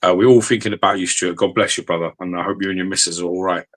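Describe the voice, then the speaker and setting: A man talking bluntly on a podcast, swearing freely and telling stories with animated, mimicking asides. His low voice has a husky edge. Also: racing. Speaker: podcast co-host. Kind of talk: casual chat. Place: podcast studio.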